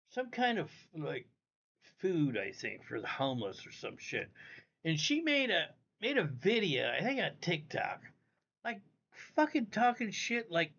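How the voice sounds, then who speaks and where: A man hosts a casual livestream from home, rambling and swearing freely as he speaks directly to his viewers. His voice sits high and a bit bright, and the lo-fi audio sounds dull.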